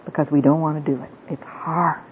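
A woman's voice: flat delivery, fairly quick. A woman giving a heartfelt, sermon-like talk, telling personal stories in an earnest, tearful way. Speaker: Christian women's speaker. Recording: tinny phone-like sound with faint rumble.

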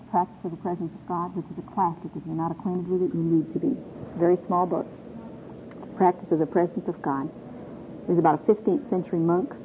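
A middle-aged woman from Michigan teaching a Bible class to a group in a folksy, earnest way, asking her listeners questions. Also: on the low side. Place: meeting room with a group. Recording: tinny phone-like old tape with faint hiss.

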